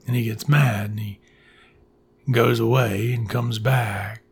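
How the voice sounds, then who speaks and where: A man's voice: medium pitch, steady tone, slow, creaky, slight background noise. A man casually retelling and reviewing an older film in a loose, rambling, profane way. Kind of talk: casual movie recap and review.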